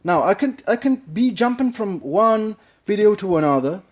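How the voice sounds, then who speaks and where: Halting man with a Spanish accent. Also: high voice, expressive. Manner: halting, searching for words, breaking into impressions. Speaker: acting learner. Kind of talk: casual analysis of a film scene.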